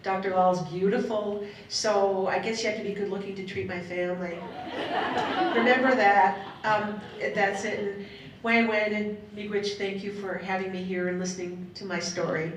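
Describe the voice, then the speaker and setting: A woman's voice: level tone, normal speed. A middle-aged woman telling her personal story to a panel audience, heartfelt and rambling, laughing between thoughts. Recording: echoey hall, voice from a distance, faint rumble.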